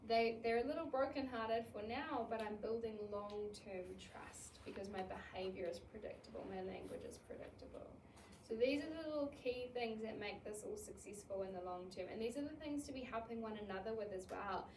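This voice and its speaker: Lively New woman teaching childcare. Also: a little high, brisk, slight background noise. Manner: animated, acts out scenarios in quoted voices. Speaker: early childhood educator. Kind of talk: talk on child care. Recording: echoey room, mic at a distance.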